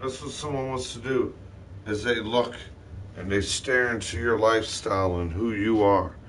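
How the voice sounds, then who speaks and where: A man's voice: lowish voice, moderate pace, a bit bright, a little hiss or hum. A man talking in a rambling, wandering monologue, swearing often as he tells his story.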